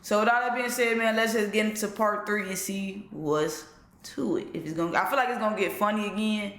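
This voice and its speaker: A man's voice: high-pitched, brisk, a bit bright, roomy sound. A man casually commenting on a clip for a reaction video, laid-back and slangy.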